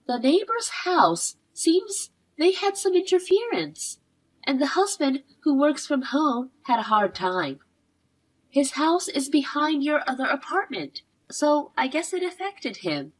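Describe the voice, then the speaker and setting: A young woman narrating her own drama story in the first person, cool and cutting when she confronts someone, calm in narration. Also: sits high, measured pace, rough recording. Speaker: narrator and protagonist.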